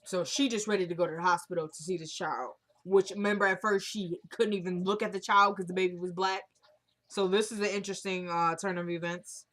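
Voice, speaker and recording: A woman's voice: on the low side, steady tone, brisk, fairly bright tone. A woman casually recapping a TV drama episode, chatting and acting out the characters' lines as she retells them.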